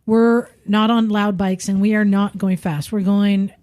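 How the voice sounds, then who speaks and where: A woman's voice: mid-range voice, unhurried. A woman co-hosting a podcast, telling a ride story in casual chat and acting out the people in it. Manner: animated storyteller, acts out quoted voices. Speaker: podcast co-host.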